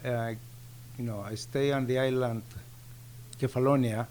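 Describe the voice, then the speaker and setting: A man in his sixties from Greece with a Greek accent, a guest in a casual interview, speaking in plain, halting sentences with simple grammar. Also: mid-range voice, steady tone, a little mellow.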